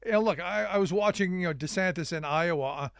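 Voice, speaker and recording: Guy hosting a political talk show, gravelly, stumbles and restarts a lot. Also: sits high, fairly bright tone, no echo, clean studio sound. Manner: halting, many restarts, self-deprecating asides. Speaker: radio talk show host.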